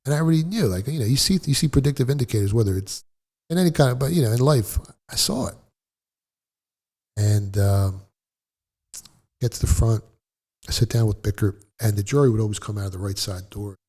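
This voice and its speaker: Low husky man, profane storyteller. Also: fairly quick, pauses often. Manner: blunt, profane, animated retelling. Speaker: interview guest. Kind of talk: casual storytelling.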